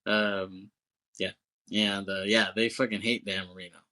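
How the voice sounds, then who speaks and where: A man's voice: lowish voice, flat delivery, measured pace, bright, forceful tone, low-quality recording. A male podcast co-host recapping a movie in loose, casual chat, full of fillers, swearing and chuckles.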